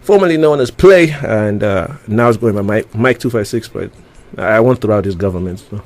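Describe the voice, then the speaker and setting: A man's voice: on the low side, lively intonation, moderate pace, darkish tone. A man hosting a casual interview, talking loosely with lots of stammered restarts and frequent laughter. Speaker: radio show host.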